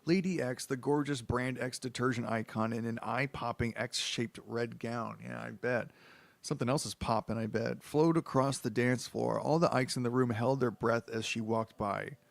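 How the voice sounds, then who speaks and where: A man's voice: medium pitch, steady tone, normal speed, vocal fry, dry recording. A man with a head cold reading a book aloud, breaking off into crude, bewildered, self-mocking asides. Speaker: book reader. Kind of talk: comedic reading with rambling asides.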